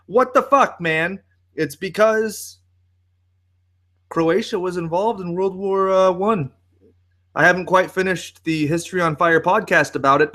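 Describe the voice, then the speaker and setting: A man's voice: high-pitched, bright, forceful tone. A young man hosting a podcast alone, ranting in a sarcastic, profane way. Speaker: podcast host. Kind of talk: solo podcast monologue.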